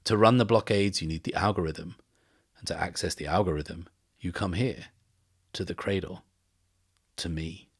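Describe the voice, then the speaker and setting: Man voicing a menacing stranger, deep, slow, measured, quietly incredulous, dry close sound. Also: slightly rough, no echo. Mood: quiet menace. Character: mysterious, menacing man, soft-spoken and calmly threatening.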